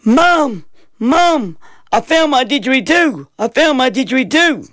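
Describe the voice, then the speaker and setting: An eager young boy with a high, excited voice, as a man puts him on while reading a story. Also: normal speed, creaky, husky, dry recording, clean studio sound, exaggerated voice.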